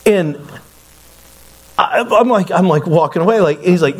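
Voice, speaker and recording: Animated preacher telling a story. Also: male voice, high-pitched, normal speed. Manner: animated storyteller, acts out quoted voices. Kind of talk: storytelling sermon.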